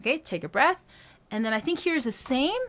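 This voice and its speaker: A woman vocal coach with a high, fairly bright voice and lively intonation speaks a little fast as she teaches a singing lesson. Conversational and full of "right?" and "um," she explains step by step, breaking phrases down note by note.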